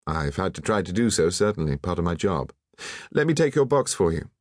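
A man voicing a polite, diffident young gentleman who stammers and apologises humbly. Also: low voice, sing-song, brisk, no room sound, clean studio sound. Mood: eager.

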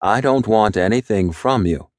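A man voicing a calm, gentle middle-aged priest who speaks softly and levelly, in an audiobook. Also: lowish voice, normal speed, no echo, studio quality, close to an everyday voice. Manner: soft, level and serene.

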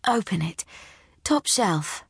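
A woman narrator voicing a cheeky, bossy woman in her thirties who is gravely ill and teases her friend in a soft voice. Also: medium pitch, very animated, slow, no echo, clean studio sound, full character voice. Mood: conspiratorial. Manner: teasing, bossy, soft-spoken.

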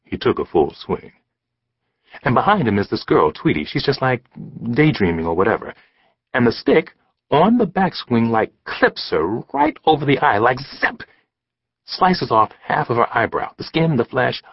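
A man's voice: medium pitch, sing-song, moderate pace, vocal fry, husky, no room sound. A man narrating an audiobook in a streetwise, conversational storytelling manner, close to a studio mic. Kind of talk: scripted narration. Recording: slightly dull studio audiobook recording.

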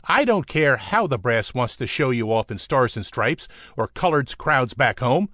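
A man's voice: medium pitch, lively intonation, moderate pace, sharp tone, no room sound, clean studio sound. A man doing a spiteful bullying commanding officer. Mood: contemptuous. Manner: spitting, contemptuous.

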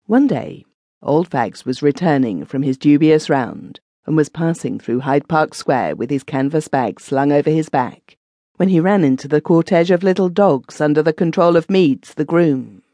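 A woman narrating a classic short story as an audiobook reader, in an expressive storytelling manner. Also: low voice, moderate pace, no echo. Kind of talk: scripted narration.

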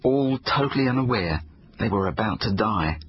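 A man reading his own children's book aloud, expressive storytelling. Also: fairly low pitch, moderate pace, muffled recording, a little hiss or hum. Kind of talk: audiobook narration for children.

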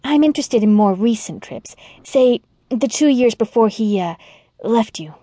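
A woman narrator voicing a stylish, dramatic young woman in a soft, sweet, slightly higher voice. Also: animated, measured pace, no echo, studio quality. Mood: earnest.

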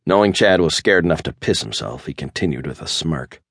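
A man with a very deep voice reads an audiobook in steady scripted narration. The sound is dry and close, with no room around it. His delivery stays low and even between the lines of dialogue. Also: fairly quick, slightly rough, no room sound.

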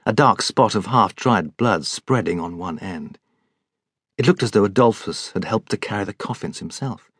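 Brief: measured male storybook narrator, husky tone, dry studio sound. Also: lowish voice, no echo. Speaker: audiobook narrator. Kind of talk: scripted narration.

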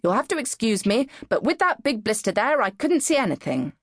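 A woman's voice: a little high, sing-song, brisk, no room sound, studio quality, voice pushed up. A woman voicing a brusque, matter-of-fact male doctor with a curt, clipped delivery.

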